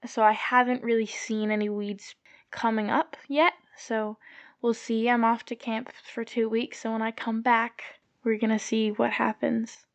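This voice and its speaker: A woman's voice: a little high, little pitch movement, unhurried, no echo. A young woman guest on a gardening podcast, answering questions in a plain, matter-of-fact way. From Southwestern Quebec. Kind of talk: casual podcast interview answers.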